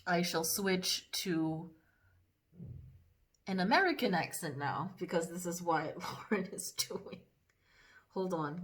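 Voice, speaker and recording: A young woman talks through a casual makeup vlog at an unhurried, drawn-out pace. Her voice sits a little low. She tries on different accents, is self-conscious about it, and often trails off and starts over. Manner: self-conscious, laughing at herself, trailing off and restarting. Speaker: makeup vlogger.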